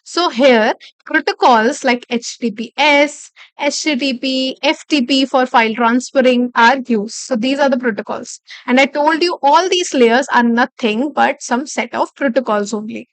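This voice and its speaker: A high-voiced woman instructor leads a live online class at a normal speed, taking each point step by step. She repeats key phrases and keeps checking in with "okay." The recording is close and dry, with no sense of a room.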